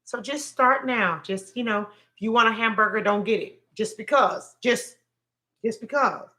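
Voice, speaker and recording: Woman, high voice, livestream host, emotional, preachy, repetitive, exasperated outbursts. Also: normal speed. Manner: emotional, repetitive, swings into loud exasperated rants; preachy, spiritual encouragement. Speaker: host and counselor. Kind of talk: livestream motivational talk.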